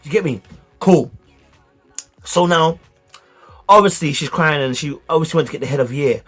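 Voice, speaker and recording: A man telling a school story in a casual, animated way, heavy on slang. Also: fairly high pitch, moderate pace, soft background music.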